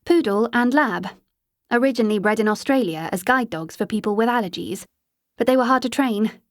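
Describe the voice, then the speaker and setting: A woman's voice: on the high side, a little fast, dry recording, studio quality, natural voice. A woman reading the part of a friendly modern young woman stranded in the past, who explains things patiently, in an audiobook.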